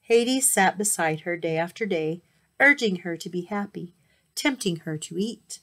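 A woman reading a myth aloud as a storybook, expressive with occasional slips and restarts. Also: lowish voice, unhurried.

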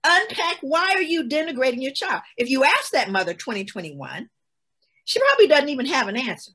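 A woman's voice: high-pitched, very animated, fairly quick, a bit bright. A woman, giving an emphatic, storytelling talk as a guest speaker on a webinar. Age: 60s. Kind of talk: lecture-style webinar talk.

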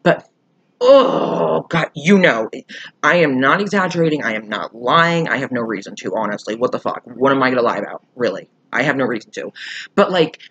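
A YouTuber telling a storytime vlog while irate and upset, swearing a lot and swinging from loud outbursts to quiet muttering. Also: mid-range voice, expressive, moderate pace, breathy edge, dull audio.

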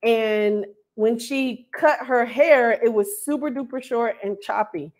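A woman's voice: on the high side, slow pace, darkish tone. A woman from North Carolina hosting a casual live stream, reading out viewers' names and laughing often as she welcomes them. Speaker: host of an online hair school livestream.

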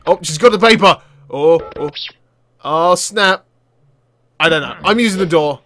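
A young man giving excitable let's-play commentary, often shouting and laughing as he plays. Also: on the high side, measured pace, pauses often. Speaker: gaming video creator.

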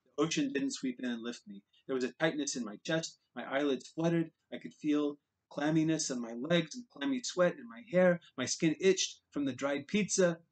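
A man's voice: fairly high pitch, normal speed, a little mellow, poor audio. A man narrating a novel in the first person, earnest and dramatic in places. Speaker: audiobook reader. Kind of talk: audiobook narration.

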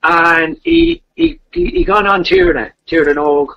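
A man's voice: fairly high pitch, sing-song, measured pace, husky. A man telling a legend in casual, rambling talk, with repeated fillers. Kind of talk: casual storytelling. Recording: dull lo-fi podcast audio.

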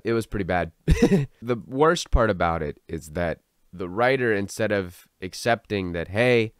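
Man, low voice, sarcastic online commentator, dry close recording. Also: expressive, moderate pace, dry recording. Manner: sarcastic, mocking. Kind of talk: commentary vlog.

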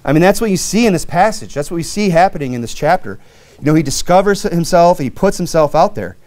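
Pastor guy preaching, kinda high voice, talks plain and earnest, says "you know" a lot. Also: expressive, fast talker, a little mellow. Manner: reads King James scripture aloud, rising in pitch on key verses. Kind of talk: sermon.

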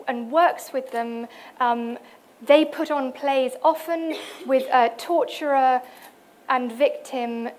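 A woman's voice: sits high, a little hiss or hum. A woman presenting at a cultural event, speaking with many fillers and restarts as she introduces other artists. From United Kingdom. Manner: hesitant, many fillers, reads out quotes. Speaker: conference speaker. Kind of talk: presentation talk. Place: event hall.

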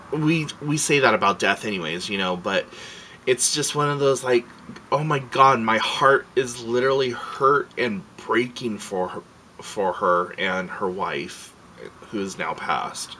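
A man's voice: fairly low pitch, sharp tone, slight background noise, poor audio. A man vlogging a casual rant, rambling and heartfelt, swearing freely and emotional as he tells his story.

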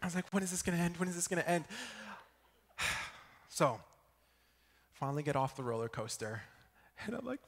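Young man preaching in an echoey church hall. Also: high-pitched. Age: young adult. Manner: lively storytelling, checks in with the audience. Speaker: student preacher. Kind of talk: sermon with personal story.

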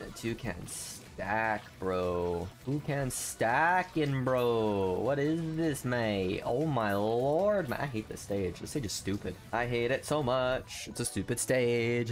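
A man's voice: mid-range voice, a little slow, few pauses, soft background music. A man hosting a gaming channel, giving live commentary on his play in a slangy, casual way, grumbling at the game and swearing freely. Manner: excitable, grumbling then cheering loudly. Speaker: video game channel host.

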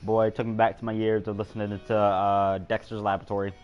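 A young man in his teens giving excitable, jokey gameplay commentary while live-streaming, swearing often. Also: fairly low pitch, fairly quick, dull audio. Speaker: gamer streamer.

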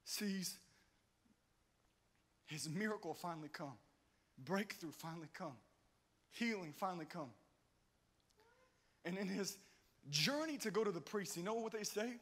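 A man preaching a sermon with drama, swinging between loud outbursts and hushed, slow passages. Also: high-pitched, animated. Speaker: pastor. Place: church hall. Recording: hall reverb.

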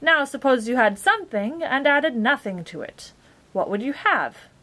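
Chirpy shape-creature, lectures brightly, a woman reading it, very animated. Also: high-pitched, normal speed, voice pushed up, heavily acted. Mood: lecturing. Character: cheerful many-faced male dodecahedron.

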